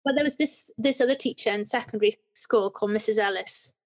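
A woman's voice: on the high side, quick pace. Chatty woman, rambling storyteller. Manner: rambling, many restarts. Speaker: podcast guest. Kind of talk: conversational interview.

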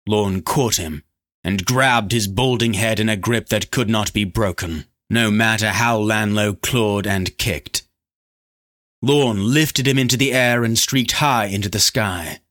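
A man narrating a fantasy novel chapter in a steady, dramatic storytelling manner. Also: on the low side, measured pace. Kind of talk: scripted audiobook narration.

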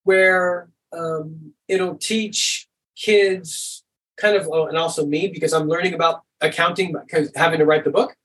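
A man with a notably high speaking voice talks as a podcast guest. He rambles in a relaxed, easygoing way and keeps padding his sentences with "and stuff." He sounds middle-aged and unhurried. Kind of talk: casual conversation.

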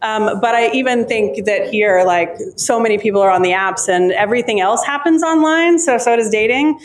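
A woman's voice: a little high, moderate pace. Chatty woman answering audience questions. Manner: chatty, with many ums and restarts. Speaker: author at her book launch. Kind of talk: live audience Q&A. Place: live event before an audience.

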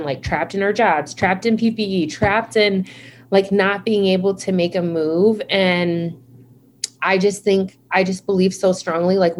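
A woman's voice: medium pitch, darkish tone, slight background noise. A woman guest in a casual interview, a nurse and founder, who tells stories in a chatty way, saying "like" often and acting out her own reactions. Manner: chatty storyteller, many "like"s, acts out her own past reactions. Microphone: video call.

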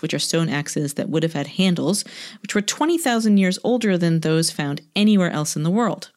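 A woman's voice: low voice, a little mellow. A woman co-hosting a casual podcast, reading through research notes with laughing asides. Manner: reads sources aloud with laughing asides. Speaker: podcast co-host.

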